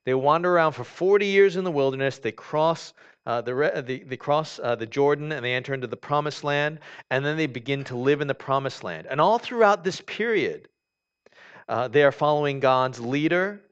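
A man's voice: a little high, lively intonation, brisk, clean tone. A man preaching a sermon in a conversational way, reading scripture aloud and explaining it with many fillers and restarts. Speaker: pastor. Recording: dull lo-fi recording.

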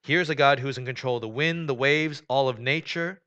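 A man preaching a sermon in a conversational way, often saying "you know", swinging between loud, emphatic stretches and quiet, low ones. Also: a little fast, clean tone, highs cut off. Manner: conversational preaching, rising and falling in volume, frequent "you know". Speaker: pastor.

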